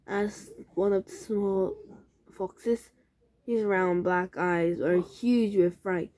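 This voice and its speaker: Slow, careful woman reading a storybook. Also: medium pitch, dark tone. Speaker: reader. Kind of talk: reading a children's book aloud.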